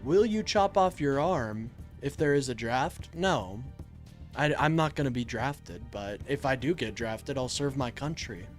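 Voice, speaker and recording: A man's voice: medium pitch, animated, unhurried, soft background music. A young man hosting a political live stream, reading chat and answering it in a heated, exasperated way. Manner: heated, exasperated, swings between loud and muttered.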